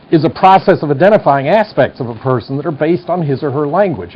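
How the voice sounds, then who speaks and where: A man's voice: medium pitch, husky. Older male lecturer, 60s, General American accent, wry and digressive, muffled studio tape. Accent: General American, slight Midwestern twang. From United States. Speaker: psychology professor. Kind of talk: televised university lecture. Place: studio classroom.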